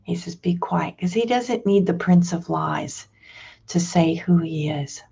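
Slow, gravelly woman leading prayer. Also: on the low side, mellow, muffled recording. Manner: slow, reflective, with hesitant restarts. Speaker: prayer leader. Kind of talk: scripture reading and reflection.

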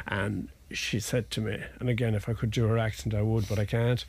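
A man's voice: lowish voice, little pitch movement, fairly quick, a little mellow, husky. An Irish man, a lawyer guest, talking casually through family law cases with restarts and folksy asides. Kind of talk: conversational legal explanation.

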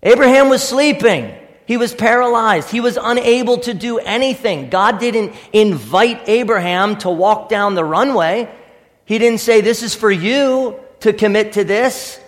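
A man's voice: sits high, a little slow, long reverb tail. A man preaching a sermon as pastor, emphatic and full of repeated rhetorical questions. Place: church sanctuary.

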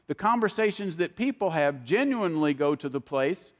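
An older man preaches in a somewhat high voice, telling homely stories and acting out the people he quotes. His words ring out with a long reverb, as in a large hall. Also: animated, moderate pace, hardly any pauses. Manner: folksy storytelling, acts out quoted people. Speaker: pastor. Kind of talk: sermon.

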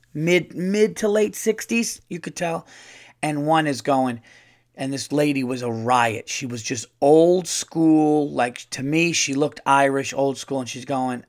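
Man, podcast host, comedian, casual storytelling, rambling, self-deprecating, stammering. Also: medium pitch.

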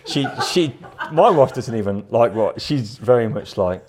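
A middle-aged guest artist chats casually in a live interview, rambling, laughing often, and repeating words. His mid-range voice is expressive and unhurried, and the recording is very noisy.

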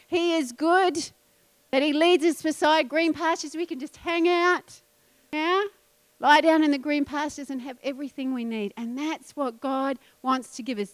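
A woman pastor preaching a sermon, emphatic and animated, dropping into quiet asides. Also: high-pitched.

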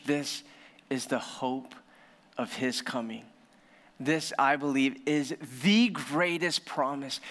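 A man preaches from a church stage, his voice high and crisp, sliding from quiet, hushed moments into excited storytelling. The sanctuary's long reverb trails after every phrase. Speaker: pastor. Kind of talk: sermon.

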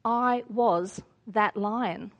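A woman voicing a vast, patient male lion who speaks slowly, with reverent emphasis. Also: a little high, a bit bright. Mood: solemn.

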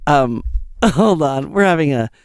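A woman in her fifties co-hosting a casual chat, an animated storyteller who acts out quotes and laughs mid-sentence. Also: low voice, unhurried, noisy background. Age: 50s. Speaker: podcast co-host.

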